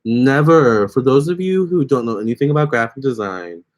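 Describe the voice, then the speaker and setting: A man's voice: mid-range voice, lively intonation, moderate pace. A young man hosting a casual phone livestream, chatting with viewers and reading their comments aloud. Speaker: livestream host.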